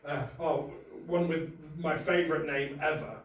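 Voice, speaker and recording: Male comic, slightly high voice, stammering casual delivery, miked from a distance in a very echoey venue. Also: unhurried. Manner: conversational and self-deprecating, frequent stammered restarts. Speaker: stand-up comedian. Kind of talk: stand-up set. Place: comedy venue with audience. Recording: very echoey room, voice from afar.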